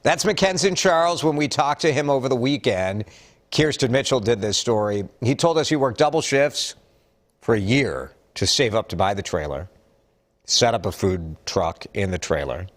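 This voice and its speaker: Chatty, lively male news anchor. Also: mid-range voice, normal speed. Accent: Minnesotan. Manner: chatty, jokey, animated delivery. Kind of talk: casual news update.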